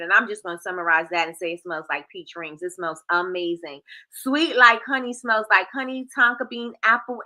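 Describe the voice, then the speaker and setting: Chatty bright-voiced woman livestream host. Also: mid-range voice. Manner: chatty, reads viewer comments aloud, lively. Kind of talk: casual livestream chat.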